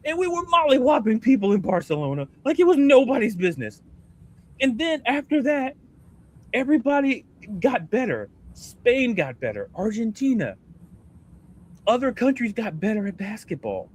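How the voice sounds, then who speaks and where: A man co-hosting a sports podcast, ranting in a casual, animated way and firing off rhetorical questions. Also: very high voice, moderate pace. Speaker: podcast co-host.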